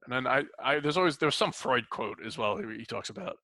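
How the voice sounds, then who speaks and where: A man hosts a relaxed interview, talking loosely and cursing casually. His voice is bright and gravelly, and the recording is dry and close. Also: medium pitch, brisk, no echo. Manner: loose, swears casually, laughs often.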